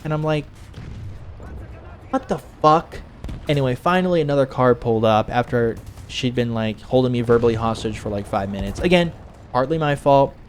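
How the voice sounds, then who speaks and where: A man's voice: mid-range voice, expressive, brisk, darkish tone, a little hiss or hum. Casting: man streaming a game, casual profane storyteller, mid-range voice, rambling and joking. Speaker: gaming streamer. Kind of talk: casual gaming commentary with storytelling.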